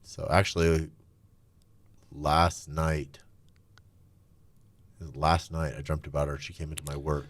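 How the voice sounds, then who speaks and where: A middle-aged man telling his own story candidly and reflectively, his voice often trailing off soft and low. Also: flat delivery, takes it slowly, long pauses, dry recording. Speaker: guest.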